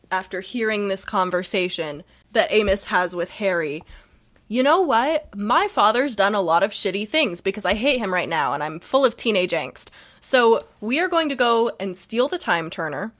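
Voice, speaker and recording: A woman's voice: medium pitch, expressive, moderate pace, fairly bright tone. A young woman co-hosting a casual book podcast, retelling the plot with lots of laughter and swearing. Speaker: podcast co-host.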